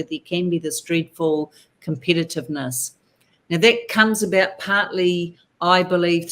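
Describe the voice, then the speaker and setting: A woman guest in a conversational interview, speaking frankly and earnestly with frequent restarts. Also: sits low.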